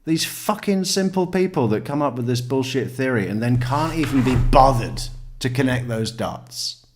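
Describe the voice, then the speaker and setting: A man's voice: mid-range voice, animated, normal speed, slight background noise. A man giving profane, sarcastic true crime commentary, exasperated and mocking as he argues his point. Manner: swears constantly, sarcastic and exasperated, mocks others in put-on voices.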